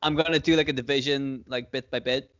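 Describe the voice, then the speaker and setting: Male podcast co-host, mid-pitched, rambly and profane, laughs a lot; dull lo-fi recording. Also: fairly even intonation, fairly quick, a bit bright. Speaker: podcast co-host booking wrestling shows. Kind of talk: casual chat.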